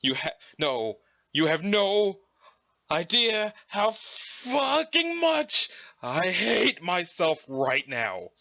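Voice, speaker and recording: A man's voice: high voice, huge pitch swings, sharp tone, dull audio, exaggerated voice. A man voicing a stuttering, self-hating fused ghost creature that falters and drags out its words. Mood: anguished. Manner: faltering, drawn-out, anguished.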